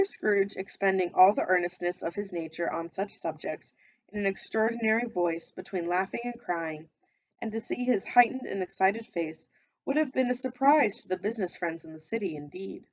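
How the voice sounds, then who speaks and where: A woman reading a classic novel aloud in an even, measured storytelling manner, stopping now and then to comment. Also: mid-range voice, muffled recording. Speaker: reader.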